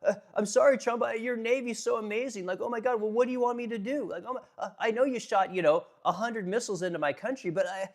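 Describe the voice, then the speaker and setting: A man voicing a meek, flustered male foreign leader who stammers and fake-flatters. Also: high-pitched, quick pace, pitched above the performer's own voice. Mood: mock-flustered.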